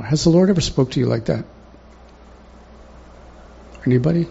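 A man's voice: fairly high pitch, animated, normal speed, gravelly, warm tone, slightly rough. A man preaching a sermon in a conversational way, often putting questions to the congregation, in a dull lo-fi recording.

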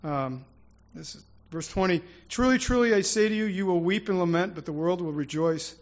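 A man's voice: sits high, moderate pace, highs cut off. A man preaching an informal, rambling sermon to his congregation, with prayerful asides and restarts. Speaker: church speaker.

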